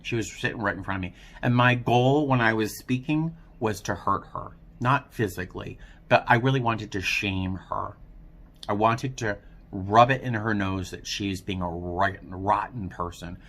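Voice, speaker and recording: A man talking earnestly and self-critically in a personal vlog, speaking softly. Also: on the low side, unhurried. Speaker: vlogger.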